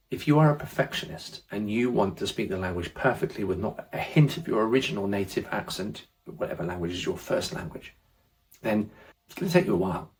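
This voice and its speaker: Low-voiced man teaching Spanish casually. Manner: relaxed, reassuring, encouraging. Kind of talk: casual spoken lesson.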